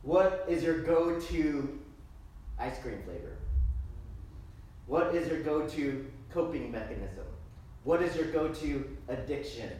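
A woman's voice: sits low, slow pace, pauses often, slight background noise. Woman preaching in a very echoey church. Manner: lively, jokey preaching with many rhetorical questions. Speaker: pastor. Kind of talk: sermon. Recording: very echoey room, distant mic.

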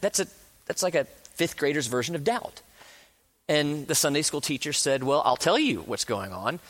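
A male pastor delivers a sermon in a slightly high voice. He talks earnestly, surging quickly through some points and dropping to a slow hush on others. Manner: earnest, speeds up and slows down, drops to a hush for emphasis; acts out quoted speakers with rising passion.

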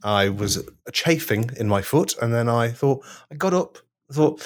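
A man's voice: mid-range voice, expressive, unhurried, hardly any pauses. A man co-hosting a comedy podcast, telling rambling stories in casual chat and laughing often. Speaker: podcast co-host.

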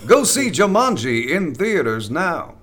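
A man doing an impression of a wrestler-turned-actor, shouting in a wrestling promo style. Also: on the high side, very animated, a little slow, voice pushed up, heavily acted. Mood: hyped.

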